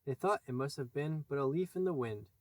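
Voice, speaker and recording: A man narrating a classic children's novel as an audiobook, in a measured storytelling manner. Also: mid-range voice, animated, darkish tone, dry recording. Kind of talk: scripted narration.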